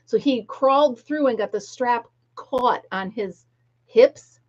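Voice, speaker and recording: A middle-aged woman hosts a livestream, chatting casually with viewers, telling stories and laughing often. Her voice is on the high side and slow, captured on a laptop mic with dull, lo-fi sound.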